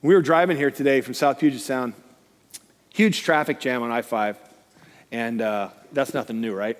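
A man's voice: medium pitch, moderate pace. A middle-aged man, preaching as a guest speaker and acting out the voices in his stories. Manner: animated storytelling, acting out quoted voices. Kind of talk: sermon. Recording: long hall reverb.

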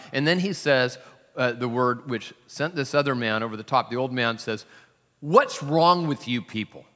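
A man's voice: medium pitch, pushed and bright. A male pastor preaching a sermon in a church, in a conversational storytelling manner with self-deprecating humor. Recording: long hall reverb.

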